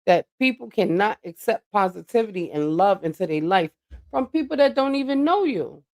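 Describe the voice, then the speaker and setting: A woman's voice: medium pitch, lively intonation, moderate pace, a little mellow. A woman livestreaming a blunt, profane monologue that lectures her viewers. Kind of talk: ranting live-stream monologue.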